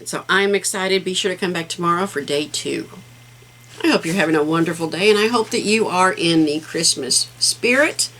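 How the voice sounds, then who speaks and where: A woman's voice: lowish voice, moderate pace, fairly bright tone, low-quality recording. A middle-aged woman hosting a casual craft vlog, talking in a rambling, heartfelt way with plenty of fillers. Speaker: craft channel host.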